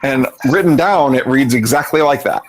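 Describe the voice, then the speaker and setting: A man's voice: mid-range voice, normal speed, low-quality recording. Man coaching over voice chat. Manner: explanatory, repeats and restarts words. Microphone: online voice chat mic.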